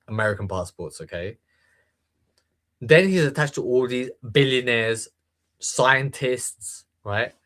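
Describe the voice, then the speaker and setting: A man's voice: lowish voice, a bit bright. A man in casual podcast chat, emphatic and profane, constantly checking in with the listener.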